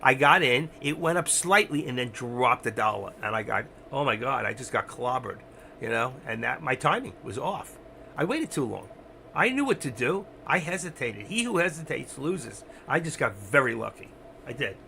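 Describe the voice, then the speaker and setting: A man hosts an options trading livestream, rambling casually, poking fun at himself and speaking straight to viewers. His medium-pitched voice swings widely in pitch at normal speed, sounding pushed and bright with vocal fry. Slight background noise is present.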